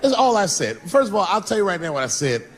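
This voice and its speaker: A man doing stand-up comedy, telling stories in an animated, profane way. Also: sits high, quick pace, a faint crowd.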